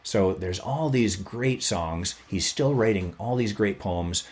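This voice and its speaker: A man's voice: on the low side, slow. A man hosting a podcast, telling a history story in a casual, chatty way and playing it up for fun. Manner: animated, chatty, plays up the story. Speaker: podcast host.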